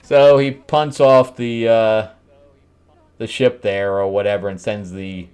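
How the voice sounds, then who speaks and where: A man's voice: fairly low pitch, fairly even intonation, slow pace, darkish tone, clean tone. A man hosting a casual comic book review, wry and mocking, often breaking into laughter. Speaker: host, screenwriter reviewing comics.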